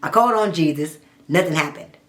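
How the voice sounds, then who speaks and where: A young adult woman, telling her own story in a blunt, profane, animated storytime monologue. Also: low voice, fairly quick. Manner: blunt, profane, animated retelling with quoted dialogue.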